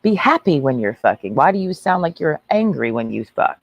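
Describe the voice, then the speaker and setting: Woman livestreaming, brash mocking rant, gravelly voice, big swinging pitch, dry close sound. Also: sing-song, a little fast, no echo, lo-fi sound. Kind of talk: ranting livestream monologue.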